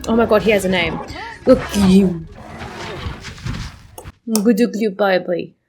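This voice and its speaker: A young adult woman hosting a casual reaction commentary, animated and emotional, swearing and laughing while doing her makeup. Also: medium pitch, measured pace, over music. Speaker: host.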